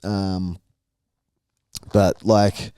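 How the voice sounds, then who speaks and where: A young man with a smooth, clear voice, telling a story in casual podcast banter. He swears freely, laughs often, and keeps his tone easy and crude. The sound is close and dry. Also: deep voice, little pitch movement, extremely slow, dark tone, no echo. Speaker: podcast co-host.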